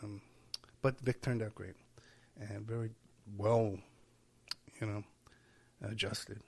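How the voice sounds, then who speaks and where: Gravelly man rambling through a solo podcast. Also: lowish voice, fairly even intonation, takes it slowly, darkish tone. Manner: rambling, self-interrupting, with chuckles. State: tired. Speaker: podcast host. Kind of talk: casual solo podcast monologue. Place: at home while packing.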